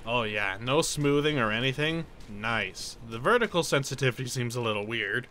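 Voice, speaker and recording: A young man giving casual let's-play commentary, chatty and excitable, yelping and laughing as he plays. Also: medium pitch, normal speed, a little hiss or hum. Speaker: gameplay streamer.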